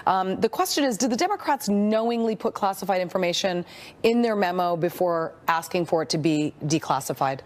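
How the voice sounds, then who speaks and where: A woman with a lowish voice anchors a cable news broadcast. She is chatty and laughs easily between her questions to guests. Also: expressive, a little fast.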